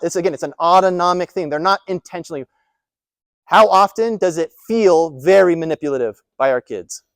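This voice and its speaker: Before an audience of caregivers, a male presenter with a high-pitched voice talks forcefully, circling back to key ideas and asking questions he doesn't expect answered. The room adds little reverb, leaving the audio dry.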